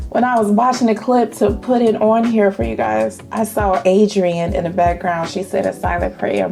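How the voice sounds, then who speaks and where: A woman vlogging about perfume in a casual, animated way, testifying and calling her viewers y'all. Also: fairly high pitch, moderate pace, vocal fry, soft background music. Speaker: fragrance vlogger. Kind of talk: casual chat to camera.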